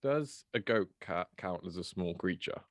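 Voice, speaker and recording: A man playing a tabletop game, chatting and asking rules questions in quick bursts. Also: low-pitched, expressive, dry recording, clean studio sound. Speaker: player.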